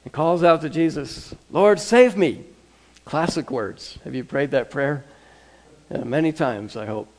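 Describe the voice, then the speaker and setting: A man preaching a sermon in a conversational way, often repeating words and dropping to a soft voice for emphasis. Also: mid-range voice, a little slow. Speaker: pastor.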